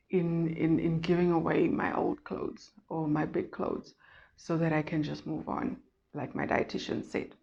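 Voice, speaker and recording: Earnest woman, low voice. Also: a little mellow. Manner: earnest and emotional, with frequent restarts and repeated words. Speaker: vlogger. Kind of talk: casual weight-loss vlog. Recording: dull lo-fi recording.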